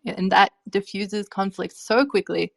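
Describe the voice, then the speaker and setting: A woman's voice: medium pitch, a little slow, creaky. A young adult woman coaching on relationships in a casual, chatty way, full of "you know" and "um". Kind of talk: casual advice talk.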